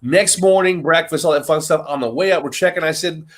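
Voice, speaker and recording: A man in a casual podcast chat, telling an animated story, swearing freely and acting out what people said. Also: a little high, brisk. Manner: animated storyteller who swears and acts out quotes.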